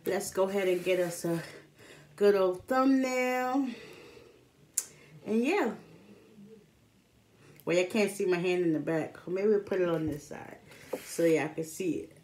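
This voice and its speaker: A woman's voice: lowish voice, measured pace, pauses often, a little mellow, slight background noise. A young adult woman chatting casually to her camera as a food vlogger, upbeat and informal. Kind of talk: casual eating-show chat to camera.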